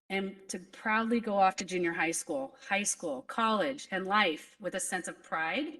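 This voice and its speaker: A woman's voice: mid-range voice, a bit bright, distant mic, rough recording. A woman principal giving an earnest, emotional graduation speech to students. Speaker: school principal. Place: school graduation ceremony.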